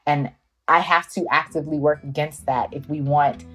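A low-pitched woman from North Carolina talks through an interview. She is earnest and thoughtful and often laughs at herself. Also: steady tone, normal speed, a bit bright, husky, faint music behind. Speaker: guest, researcher. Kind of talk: interview conversation.

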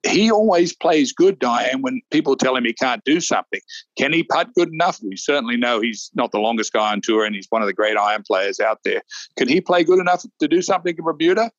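A man co-hosting a casual golf preview chat, animated and rambling, often restarting his sentences. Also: mid-range voice, brisk, no room sound, dull audio. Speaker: golf show co-host.

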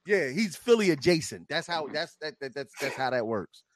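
Animated male podcast host, dry sound. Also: on the high side, normal speed, no echo. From Philadelphia. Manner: playful, teasing banter; animated, rising to loud exclamations. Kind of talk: casual podcast chat.

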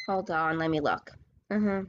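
A woman's voice: deep voice, normal speed, dull audio, slight background noise. A woman hosting a sports podcast, ranting in a combative, profane and sarcastic way. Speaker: podcast host.

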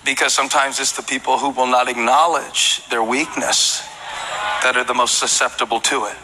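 A man's voice: mid-range voice, fairly even intonation, moderate pace, long reverb tail, heavy background noise. A male pastor preaching a sermon in a conversational way, with humorous asides and emphatic repetition.

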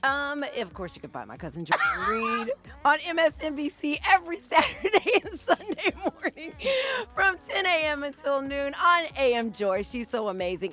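Woman co-host, Atlanta accent, excitable and teasing, high bright voice. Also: moderate pace, hardly any pauses, soft background music. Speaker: podcast co-host. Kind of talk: casual chat.

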